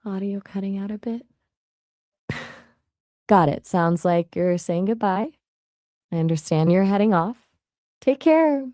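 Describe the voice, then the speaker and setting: A woman's voice: mid-range voice, a little slow, pauses often, warm tone, no room sound. Chatty, dry-sounding woman assistant voice. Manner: chatty and polite, often asks follow-up questions. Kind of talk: casual chat.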